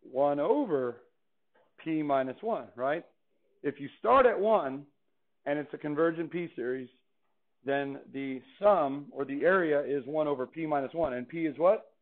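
A man's voice: on the high side, measured pace. A man teaching a calculus class in a chatty, playful way, often asking the students questions. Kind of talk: classroom lecture. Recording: tinny phone-like classroom recording.

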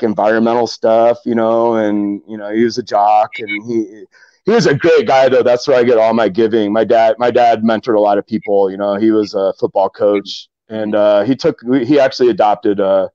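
A man's voice: fairly low pitch, fairly even intonation, moderate pace, mellow, clean tone, dry recording, highs cut off. A middle-aged man from Omaha, a kayak angler, tells stories casually in a podcast interview, rambling with many fillers and restarts.

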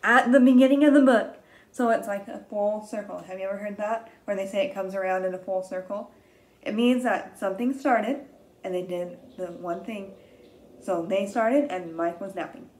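Here a young woman teacher gently and slowly reads a picture book to small children in a medium-pitched voice, gasping with over-the-top excitement.

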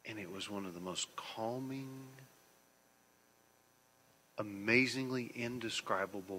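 Pastor, male, emphatic sermon delivery that drops to a hush, in a big echoing sanctuary. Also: medium pitch, a little fast. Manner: swings between hushed and loud, emphatic. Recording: long church hall reverb.

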